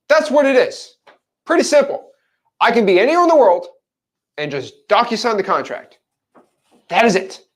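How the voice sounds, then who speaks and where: Animated man coaching real estate deals. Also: high-pitched. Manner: animated, acts out scenes. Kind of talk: casual teaching monologue.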